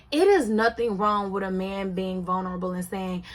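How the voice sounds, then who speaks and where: At a measured pace and in a mid-range voice, a woman casually remarks on a reality show. She speaks in an emphatic, conversational style and regularly asks "you see what I'm saying."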